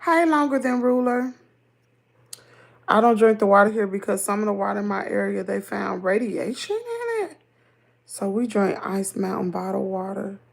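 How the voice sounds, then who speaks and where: A middle-aged woman with a Southern American accent hosts a livestream, chatting casually and reading viewer comments in a lively, talkative way. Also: mid-range voice, moderate pace, gravelly. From Southern United States. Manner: chatty, animated, laughs easily. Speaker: livestream host.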